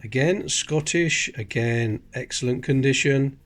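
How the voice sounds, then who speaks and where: Male host, mid-pitched, casual and explanatory, coin hobby commentary. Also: a little slow. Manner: chatty, explains details while handling coins. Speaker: coin collecting channel host.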